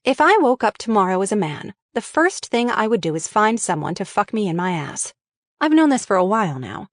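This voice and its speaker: A woman reads her own memoir aloud in a frank, wry voice, swearing freely. Her pitch sits in the middle range. The recording is dry and close, with no room sound. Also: sing-song, brisk, no echo. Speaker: author reading her memoir. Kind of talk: audiobook memoir narration.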